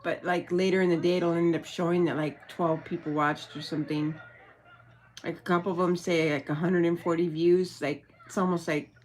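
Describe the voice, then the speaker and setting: A woman's voice: lowish voice, little pitch movement, normal speed, a little mellow. A woman vlogging at home with her dog. She chats in a rambling, giggly way and uses lots of fillers. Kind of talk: casual livestream chat.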